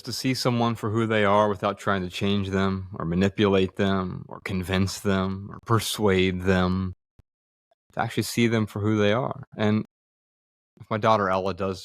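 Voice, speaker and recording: Low-voiced reflective man, dry sound. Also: steady tone, moderate pace, no room sound. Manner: earnest, acts out quoted dialogue, frequent fillers. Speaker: podcast guest, author. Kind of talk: reflective conversational storytelling. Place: studio room with others present.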